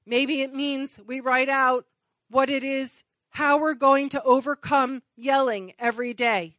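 A woman with a fairly high voice preaches a sermon in an earnest, personal way. Her points build into emphatic repeated phrases. The sound is close and dry. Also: fairly even intonation, measured pace, fairly bright tone, dry recording. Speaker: church speaker.

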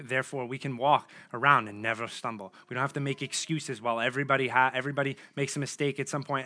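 A man's voice: mid-range voice, pushed and bright. A man giving a sermon, reading scripture aloud and then explaining it in a loose, conversational way with frequent fillers. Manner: informal, conversational preaching with many fillers. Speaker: preacher.

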